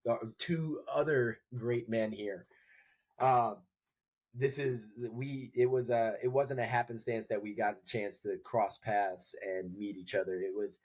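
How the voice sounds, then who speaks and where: A man's voice: on the low side, fairly even intonation, unhurried, a little mellow. A man co-hosting a podcast, talking in a loose, rambling way with many restarts. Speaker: podcast co-host. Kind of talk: casual chat.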